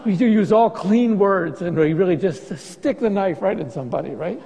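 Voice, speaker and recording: A pastor speaks to his congregation in a high yet mellow voice, joking easily and doubling back on his words. His sermon carries through a church that rings with long reverb. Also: expressive, normal speed, creaky. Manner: conversational, joking preaching with restarts.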